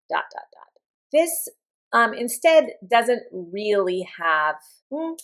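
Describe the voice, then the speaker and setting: A woman teaching an English vocabulary lesson, explaining slowly and carefully with example sentences. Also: medium pitch.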